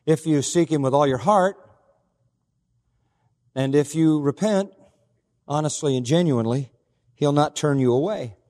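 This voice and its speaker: A man delivering a sermon from a pulpit, his earnest voice sitting a little higher than most men's. Long reverb from a large church hall trails after his words as he tells a story. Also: unhurried, long pauses. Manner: earnest storytelling preacher, quoting others in a softer voice. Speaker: pastor.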